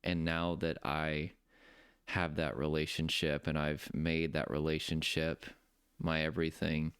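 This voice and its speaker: Man, coach type, earnest faith talk; deep and gravelly with a smooth, dry sound. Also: monotone, a bit bright, no echo. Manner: earnest, preacherly, slows down for emphasis. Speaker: nervous system coach. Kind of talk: heartfelt personal faith talk.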